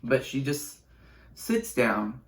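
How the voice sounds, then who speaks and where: A man's voice: medium pitch, very animated, slow pace. A teenage boy YouTuber telling a casual storytime vlog with chatty, sarcastic asides and rambling restarts. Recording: roomy echo.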